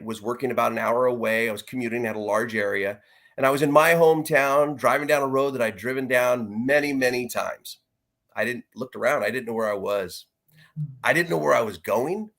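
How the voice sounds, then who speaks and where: Middle-aged male guest, earnest and reflective, mid-pitched voice, stops and restarts as he tells his story. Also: a bit bright. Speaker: interview guest. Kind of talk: personal story in a conversation.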